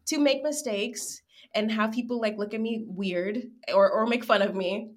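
An American woman in her twenties or thirties chatting candidly in an interview, animated and acting out her own inner voice. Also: a little high, normal speed. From United States. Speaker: guest. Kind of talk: casual interview chat.

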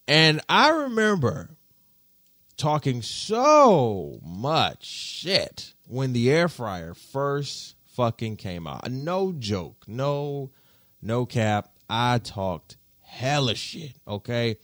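A man hosting a podcast, telling stories in casual slang with big swings in pitch and loudness. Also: big pitch swings, slow pace, no room sound, studio quality. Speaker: podcast host.

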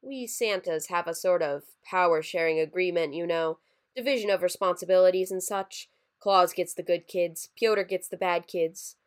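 A woman's voice: lowish voice, normal speed, lightly acted. A woman voicing a scheming reptilian male Santa creature in a story reading, eager and wheedling. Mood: persuasive.

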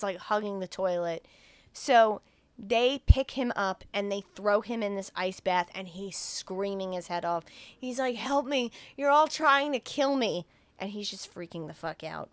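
A woman hosting a podcast, casually retelling a horror film in an animated way, acting out the characters' lines with swearing and laughter. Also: medium pitch, measured pace, clean tone, no echo. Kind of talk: casual chat.

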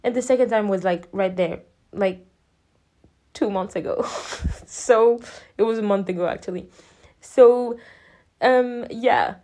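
Young woman, vlogger, rambling and chatty, soft mellow tone, middling pitch. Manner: chatty and rambling, full of "like" and quick laughs. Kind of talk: casual personal storytelling.

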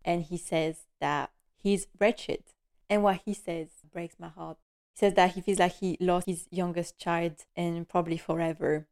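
A woman hosting a podcast, giving an animated and emotional episode recap with nervous laughter. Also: fairly low pitch, measured pace, clean tone. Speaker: podcast host.

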